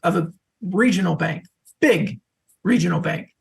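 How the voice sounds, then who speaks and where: A middle-aged man, a social selling expert, telling lively stories as a podcast guest. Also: high-pitched, measured pace, vocal fry. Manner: animated anecdotal storyteller. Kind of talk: podcast interview storytelling.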